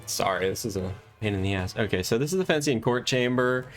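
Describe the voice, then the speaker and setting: A man's voice: medium pitch, expressive, brisk, faint music behind. A man acting as game master, thinking aloud as he rambles through plans for a tabletop session. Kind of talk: casual planning monologue.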